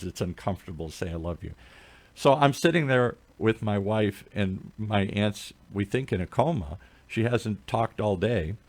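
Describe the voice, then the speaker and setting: A middle-aged man co-hosting a radio talk show, chatting and telling stories with many restarts. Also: fairly low pitch. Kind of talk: casual talk radio conversation.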